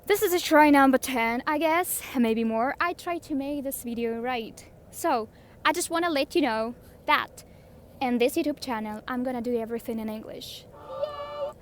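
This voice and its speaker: A woman's voice: high voice, normal speed, low-quality recording. A young woman with a Russian accent, chatting upbeat in a vlog intro, searching for English words now and then, speaking into a handheld mic outdoors. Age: young adult. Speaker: vlogger and yoga teacher. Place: outdoors, windy and noisy. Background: outdoor noise.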